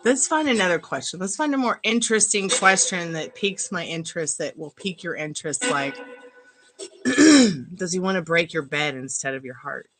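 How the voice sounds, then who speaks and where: A woman's voice: lowish voice, expressive, moderate pace, rough recording. A woman giving a live-stream tarot reading, chatty and rambling and laughing often. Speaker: tarot reader. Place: at home.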